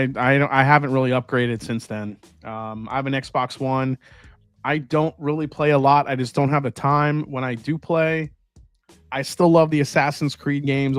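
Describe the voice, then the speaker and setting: A man's voice: medium pitch, a bit bright, smooth, dry recording. Chatty man hosting a live tasting. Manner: chatty, rambling, reads out viewer comments. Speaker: host. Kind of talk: casual live tasting chat.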